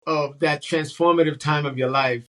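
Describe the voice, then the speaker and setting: An interview host who asks questions in a halting, rambling way and often answers with brief acknowledgements. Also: mid-range voice, fairly even intonation, a bit bright. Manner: hesitant, many fillers and restarts, frequent brief backchannels. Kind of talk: casual interview.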